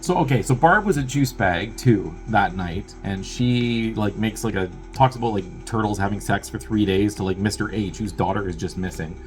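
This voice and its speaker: A young man with a somewhat low voice hosts a movie review and retells the plot in a loose, rambling way. He swears freely and drops wry asides between lots of filler words. Faint music plays behind him. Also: moderate pace, few pauses. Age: young adult. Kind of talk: casual spoken film recap.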